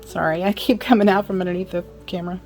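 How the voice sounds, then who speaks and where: A woman's voice: fairly low pitch, steady tone, fast talker, a little mellow, faint music behind. A woman giving a casual sewing demonstration, chatting and apologizing in asides as she works. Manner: chatty, apologetic asides, talks while working. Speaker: sewing instructor.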